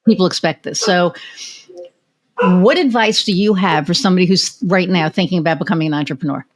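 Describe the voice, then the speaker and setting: With a lowish voice and a fairly quick delivery, an American podcast host tells candid personal stories during casual interview chat, swearing freely as she goes.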